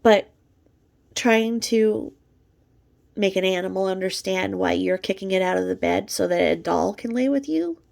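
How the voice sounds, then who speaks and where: A woman's voice: medium pitch, a little slow, creaky, darkish tone. A woman talking in a profane, mocking gossip commentary vlog, snacking between remarks. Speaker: vlogger.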